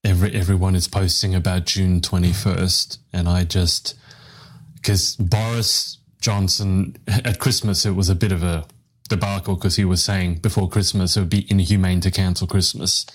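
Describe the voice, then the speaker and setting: Rambling low-voiced male host. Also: little pitch movement, moderate pace. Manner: rambling, self-deprecating storyteller with restarts. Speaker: podcast host, interviewer. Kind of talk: casual live interview.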